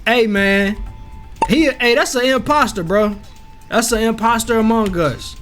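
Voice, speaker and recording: A man's voice: very high voice, measured pace, a bit bright. A man giving casual, joking gameplay commentary in slang, with faint game music behind. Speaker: gaming YouTuber.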